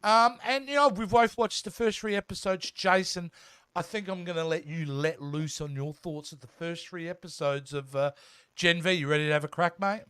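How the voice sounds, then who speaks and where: A man's voice: high-pitched, moderate pace, fairly bright tone, smooth, no room sound. A man with an Australian accent co-hosting a casual live show, greeting viewers and trailing off with fillers. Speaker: co-host.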